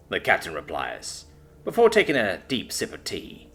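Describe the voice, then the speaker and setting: A man narrating a sci-fi story aloud, in steady narration tags between character voices. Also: sits low, moderate pace. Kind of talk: audiobook narration.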